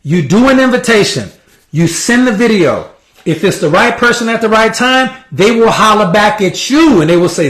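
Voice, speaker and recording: A man's voice: sits high, sing-song, moderate pace, a bit bright, reverberant. A man giving casual sales coaching, acting out sample conversations with prospects. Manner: casual, repetitive, acts out sample dialogue. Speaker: sales trainer. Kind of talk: motivational sales coaching talk.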